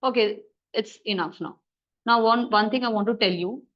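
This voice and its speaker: A woman teaching a grammar lesson in a classroom, brisk and coaxing as she quizzes students. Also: fairly high pitch, dull audio.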